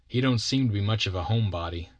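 Brief: man as a slick storybook schemer, low-voiced and folksy, unbothered. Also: fast talker, no room sound, close to an everyday voice. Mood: breezy. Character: smooth-talking grown man, a scheming kidnapper.

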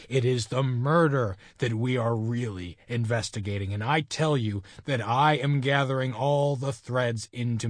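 A man's voice: mid-range voice, no room sound, studio quality. A man doing a brash police inspector. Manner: assertive, a little condescending.

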